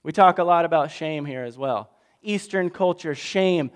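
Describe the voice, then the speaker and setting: A man preaching a lively, jokey story sermon, swinging between loud bursts and hushed asides. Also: fairly high pitch, moderate pace, clear, resonant tone, big-room sound. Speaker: pastor.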